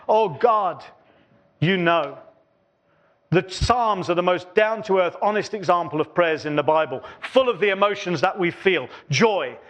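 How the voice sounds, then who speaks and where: In church, a pastor with a high-pitched voice preaches earnestly, building up his phrases through repetition. Between them, his voice drops quieter.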